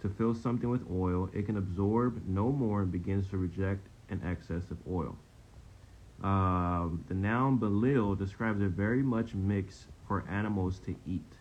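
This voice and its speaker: Casting note: man, low mellow voice, casual Bible study teacher, keeps checking in with listeners, dull lo-fi recording. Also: fairly even intonation, unhurried. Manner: conversational, frequent "okay?" check-ins, repeats himself. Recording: dull, slightly lo-fi sound with faint noise.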